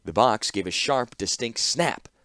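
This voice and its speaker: A man narrating a fantasy audiobook with expressive storytelling. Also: mid-range voice, unhurried, no room sound, studio quality. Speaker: audiobook reader.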